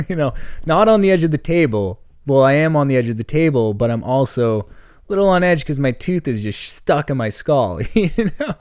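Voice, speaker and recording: A man's voice: medium pitch, lively intonation, brisk, a little mellow, smooth, no echo, studio quality. A young man hosting a solo comedy podcast, telling a rambling story with lots of fillers and laughter. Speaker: podcast host.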